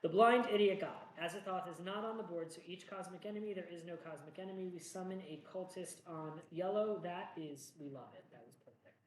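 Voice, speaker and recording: A man's voice: sits high, fairly quick, few pauses. A man hosting a solo board game playthrough, chatting through each move in a jokey, self-mocking way. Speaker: solo board game player and channel host. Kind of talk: casual playthrough commentary. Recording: echoey room with faint noise.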